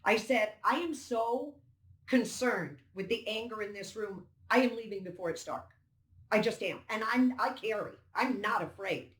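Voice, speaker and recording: In an echoey room, an older woman who challenged a poll gives emphatic, indignant interview testimony about what happened, acting out the dialogue as she goes. Her voice is a little high and she speaks at normal speed.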